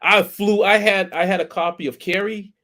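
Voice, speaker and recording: Animated storytelling man, higher voice. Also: moderate pace. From Boston, United States. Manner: animated, repeats words and restarts, acts out quoted voices. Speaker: podcast co-host. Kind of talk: casual storytelling chat.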